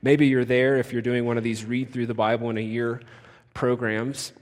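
A male pastor preaching a sermon, slow and dramatic, dropping to a hush and then shouting out. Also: medium pitch, flat delivery. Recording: long reverb of a large hall.

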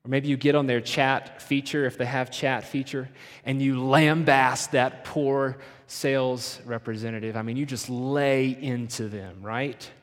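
A man preaching a sermon as pastor, pressing points hard, then dropping to hushed, slowed phrases. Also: medium pitch, fairly even intonation. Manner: emphatic, swinging from loud urging to hushed, slowed phrases. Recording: long hall reverb.

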